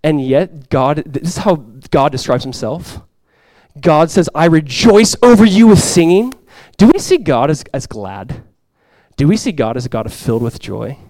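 A male pastor preaching a sermon to his congregation, swinging from loud, impassioned lines to quiet, soft ones. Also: medium pitch, expressive, normal speed, no echo. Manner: impassioned preaching, swells loud for quoted cries then drops soft. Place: church sanctuary before a congregation.

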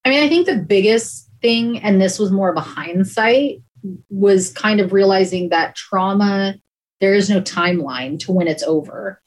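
Speaking at a moderate pace in a medium-pitched voice, a woman who works as an emergency dispatcher gives a candid, emotional interview peppered with "like." The audio is low quality.

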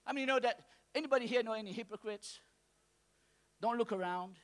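High-voiced preaching pastor, man. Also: a little fast. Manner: call-and-response preaching, swings from soft to shouting. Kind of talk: sermon. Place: church hall with congregation.

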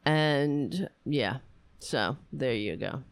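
A woman's voice: very deep voice, expressive, very slow, no room sound. A woman, raised on Staten Island, giving blunt, indignant political commentary and swearing freely into a close mic. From Staten Island, New York. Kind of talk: ranting casual commentary.

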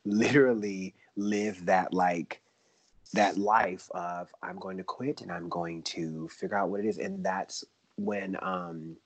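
A man in his thirties with a deep, husky voice tells his own story to a friend on a podcast. He talks in a lively, rambling way and laughs easily. The sound is dry and close. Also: slow pace, no echo. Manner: animated, chatty, laughs often. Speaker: podcast guest, Broadway performer and dancer. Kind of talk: casual conversational storytelling.

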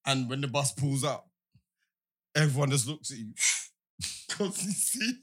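Man, podcast banter, laughs a lot, bright, husky. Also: mid-range voice, expressive, unhurried. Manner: laughing often, slangy storytelling. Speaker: podcast host. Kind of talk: casual banter.

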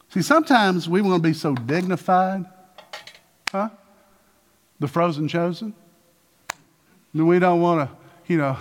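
Male pastor, energetic sermon delivery, high and swooping voice, acts out Bible voices. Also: slow, pauses often. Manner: animated, calls out to the congregation, acts out voices of Bible figures.

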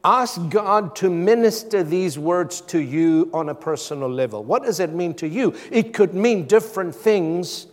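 A pastor preaching a sermon with dramatic pauses, building to emphatic calls. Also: male voice, sits high, lively intonation. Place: church hall. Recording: long reverb of a hall.

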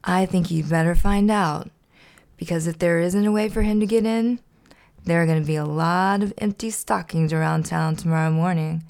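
A woman's voice: fairly low pitch, moderate pace, darkish tone. Oscar, put on by a woman growling grump. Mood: soft warning. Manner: growling, snapping, gruff. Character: grumpy male trash-can grouch monster. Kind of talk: reading a children's storybook aloud.

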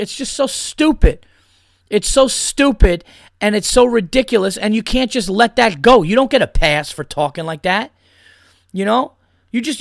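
A man's voice: high voice, gravelly, no echo, studio quality. A man hosting a podcast, ranting about football in a heated, profane way and repeating his points. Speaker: podcast host. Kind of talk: opinionated sports rant.

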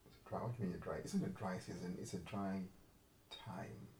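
A man's voice: deep voice, fast, darkish tone, slight background noise. A man co-hosting a podcast in casual chat, rambling and correcting himself, laughing often. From Africa. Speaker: podcast co-host. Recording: roomy echo with faint ambience.

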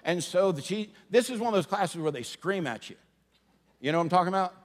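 A middle-aged man preaching a sermon, moving from humorous storytelling to quiet, earnest preaching. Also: high voice, expressive, fairly quick. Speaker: pastor. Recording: long hall reverb.

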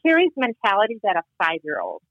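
A woman telling a personal story in casual conversation, animated and acting out the dialogue as she goes. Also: medium pitch, fast, dry recording, phone-quality sound. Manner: animated, acts out quoted dialogue. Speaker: guest.

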